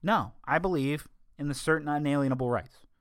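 A man giving an opinion monologue, emphatic with sarcastic asides, slowing down to stress key words. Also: a little high, fairly bright tone, dry recording, clean studio sound. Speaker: political commentator.

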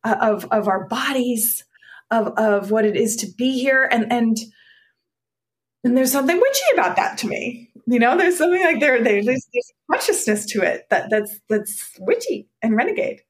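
A woman's voice: a little high, lively intonation, moderate pace. Earnest woman therapist telling stories. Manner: earnest, reflective, with frequent restarts. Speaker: psychotherapist. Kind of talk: conversational storytelling.

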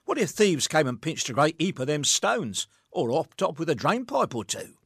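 A man's voice: fairly high pitch, very animated, moderate pace, husky, no echo, clean studio sound, heavily acted. A man reciting a comic verse monologue as a grumbling street watchman, in a rhythmic, rueful manner. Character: grumbling working-class street watchman telling his tale.

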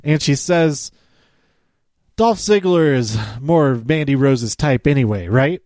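A man's voice: a little high, unhurried, darkish tone, dry recording, studio quality. A man casually recapping a wrestling show. He rambles, with lots of fillers and small laughs.

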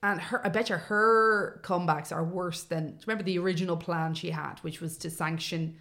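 A woman's voice: lowish voice, steady tone, brisk, fairly bright tone. A woman co-hosting a casual chat, telling rambling stories and trailing off mid-thought. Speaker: podcast co-host.

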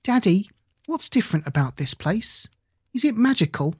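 A reader voicing a timid, anxious young girl in a storybook, lifting the voice higher and smaller than the narration. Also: sing-song, moderate pace, husky, dry recording. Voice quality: small raised childlike voice. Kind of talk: storybook character voice.

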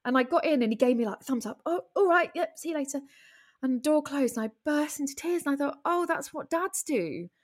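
Brief: woman guest, slightly high voice, chatty, acts out her thoughts in animated bursts. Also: a little fast, hardly any pauses. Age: adult with a husband and a child. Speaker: podcast guest, comedian and writer. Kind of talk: casual interview chat.

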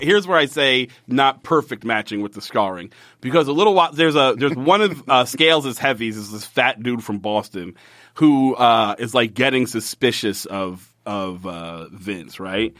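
Animated swearing man with a lively voice. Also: medium pitch, a little slow, no room sound, studio quality. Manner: animated, profane, exasperated ranting. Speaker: podcast co-host recapping a TV episode. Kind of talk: casual chat.

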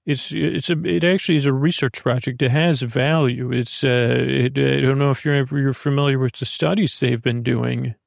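Brief: actor as a chatty scatterbrained fairy, rambling, a touch of fry, dry studio sound. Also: medium pitch, fairly even intonation, normal speed, few pauses, dry recording, natural voice. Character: dreamy scatterbrained fairy herbalist. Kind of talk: audio drama acting.

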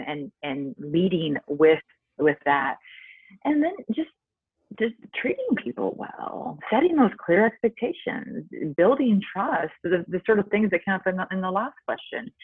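A woman's voice: fairly low pitch, slightly rough, no echo. A woman in her forties, a podcast guest, talking in a casual, earnest and reflective way with many filler words. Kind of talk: casual interview chat. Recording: dry, tinny phone-like line.

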